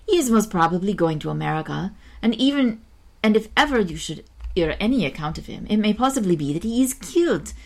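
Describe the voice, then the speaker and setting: A woman reading aloud and voicing a scheming, teasing schoolteacher who coaxes a pupil, pitched a little above her own voice. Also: expressive, a little fast. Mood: coaxing.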